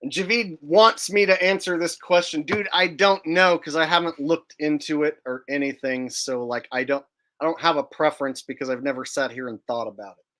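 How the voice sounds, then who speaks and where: Bright-voiced profane male streamer. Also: fairly high pitch, moderate pace. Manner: profane, rambling, joking. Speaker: streamer host. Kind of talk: casual livestream commentary.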